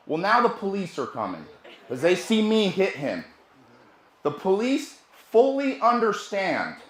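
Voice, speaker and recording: A man, a sales trainer, telling a brash, profane story at a seminar, swinging from hushed asides to loud bursts. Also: sits high, echoey room.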